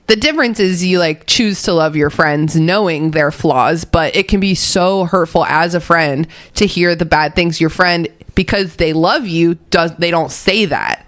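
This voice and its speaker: A young woman co-hosting a podcast, talking about a book in a chatty, swearing way, full of "like" and quick laughs. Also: lowish voice. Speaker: podcast co-host. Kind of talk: casual book discussion.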